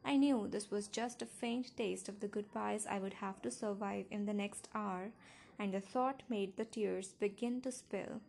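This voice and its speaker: A woman's voice: medium pitch, fairly even intonation, unhurried, creaky, darkish tone, a little hiss or hum. A woman narrating a first-person novel in an intimate, emotional storytelling manner. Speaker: audiobook narrator.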